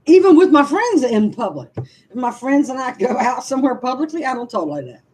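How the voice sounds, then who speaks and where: Woman, sixties, casual livestream venting, frank, fairly high voice, very lively pitch. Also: a little fast, a little hiss or hum, poor audio. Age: 60s. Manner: chatty, frank, laughing asides to viewers. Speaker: livestream vlogger reading comments.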